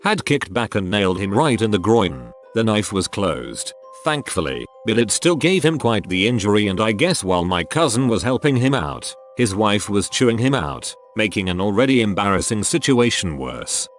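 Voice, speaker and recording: Lively low-voiced man reading stories. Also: normal speed, hardly any pauses, faint music behind. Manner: wry, with joking asides between stories. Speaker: story narrator. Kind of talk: scripted narration of online stories.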